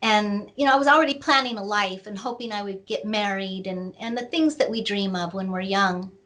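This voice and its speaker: A middle-aged woman, an author, slowly telling a painful personal story in an interview, with many pauses and fillers. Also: mid-range voice, fairly bright tone. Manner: slow, reflective, with many fillers. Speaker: author and guest.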